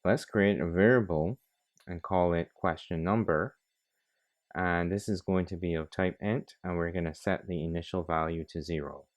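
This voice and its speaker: A man narrating a coding tutorial, talking methodically through each step. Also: low voice. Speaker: programming tutor. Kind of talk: screen-recorded coding tutorial.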